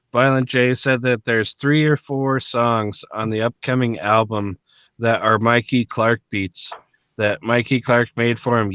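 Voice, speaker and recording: A man's voice: medium pitch, fairly bright tone, clean tone, no echo, lo-fi sound. A man co-hosting a casual podcast chat, rambling and profane with many fillers. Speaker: podcast co-host.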